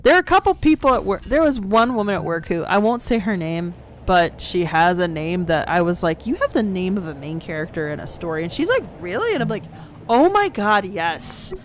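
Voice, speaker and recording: A woman's voice: mid-range voice, big pitch swings, a little fast, slight background noise. Chatty woman co-hosting a podcast. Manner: chatty and tangent-prone, reads game lines aloud. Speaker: podcast co-host. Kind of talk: casual chat while playing a game.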